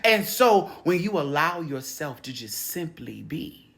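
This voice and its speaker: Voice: medium pitch, measured pace, creaky, few pauses. A spiritual healer and coach in a casual, slangy talk, swearing freely and laughing often. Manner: profane, animated and laughing, slangy street talk; tells stories acting out quoted voices.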